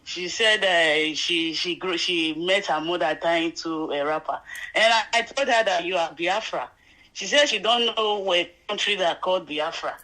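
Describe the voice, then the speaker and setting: A woman's voice: fairly low pitch, moderate pace, bright, forceful tone, poor audio. A woman calling in to a show, talking in an earnest, emotional, repetitive way. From Nigeria. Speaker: caller. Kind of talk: call-in chat.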